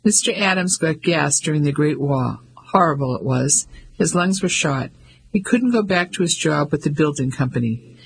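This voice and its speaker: A man's voice: on the high side, expressive, normal speed, gravelly, breathy edge, exaggerated voice, rough recording. A man voicing a brash, scheming middle-aged landlady with a Cockney accent, chatty and gossipy, in an audiobook.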